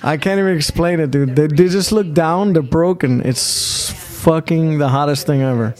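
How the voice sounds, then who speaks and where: A man's voice: on the high side, normal speed, a little mellow, soft background music. A man telling crude, boastful stories in casual podcast chat, swearing heavily and drawing out his emphatic lines. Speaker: podcast co-host.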